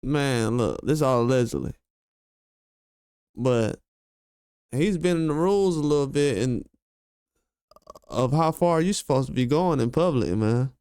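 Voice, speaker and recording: Heated man ranting, smooth dry voice. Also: mid-range voice, expressive, a little slow, pauses often, darkish tone, no echo. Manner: heated, slangy, emphatic, repeats himself. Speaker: commentary channel host. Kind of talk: casual commentary rant.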